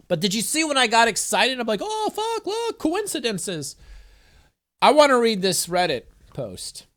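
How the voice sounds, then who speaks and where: Reading an affirmation card in a relaxed home vlog, a man jokes, swears and addresses his cat along the way. He's a spiritual vlogger with a high-pitched, fairly bright voice.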